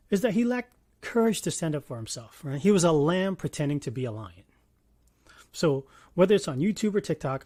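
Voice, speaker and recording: A man in his thirties giving a casual commentary monologue, animated, swinging between loud bursts and quiet asides and swearing freely. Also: on the high side, dry recording. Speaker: commentary vlogger.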